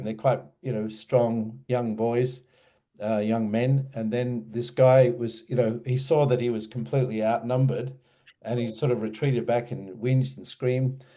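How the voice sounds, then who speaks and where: A man recounts a past experience in a rambling, hesitant style full of fillers. His voice is mellow and relaxed, sitting in a middle pitch. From Australia. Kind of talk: casual spoken recollection.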